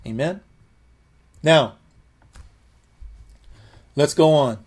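A man's voice: fairly high pitch, very slow, darkish tone. A man giving conversational Bible teaching, earnest, often repeating and restarting his words.

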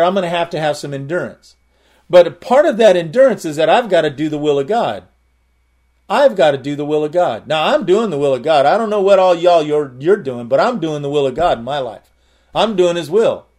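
A man preaches a sermon built around a word study, unpacking Greek terms and repeating key phrases with emphatic rises. His voice is a little high and slightly mellow.

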